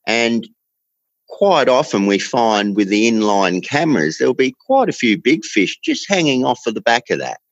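A man's voice: mid-range voice, big pitch swings, no echo, lo-fi sound. A man with an Australian accent chatting casually about fishing, rambling and stretching words for emphasis. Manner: rambling storyteller, drawn-out emphasis. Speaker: fishing guest. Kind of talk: casual chat.

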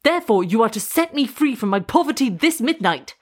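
A woman's voice: on the high side, very animated, fairly quick, pitched above the performer's own voice. A woman voicing a stern young man. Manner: firm, insistent demands. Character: angry, determined young man with a machete.

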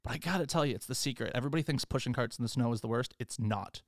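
A young man, a podcast guest, telling lively stories in casual chat and dropping into put-on accents. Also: mid-range voice, very fast, dry recording, clean studio sound. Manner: animated storyteller, slips into put-on accents.

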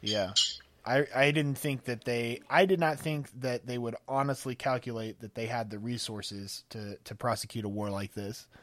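A man's voice: medium pitch, normal speed, fairly bright tone, dry recording. A man hosting a podcast, asking questions in a loose, conversational way. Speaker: podcast host.

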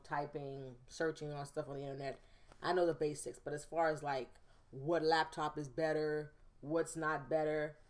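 A woman, hosting a casual solo podcast from home and telling stories with big, animated jumps in pitch. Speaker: podcast host.

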